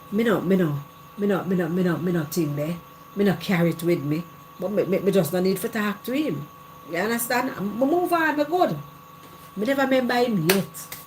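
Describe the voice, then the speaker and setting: A Jamaican woman of middle age talks in patois on a live stream, candid and repetitive, circling back to the same phrases. Her voice sits a little low for a woman. A faint background hiss runs under it. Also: darkish tone. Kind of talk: casual live chat.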